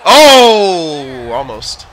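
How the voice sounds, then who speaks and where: A young man giving excited commentary over his own gameplay, shouting at plays and muttering between them. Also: a little high, very slow. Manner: yells and groans at the game, then mutters to himself. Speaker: gaming commentator.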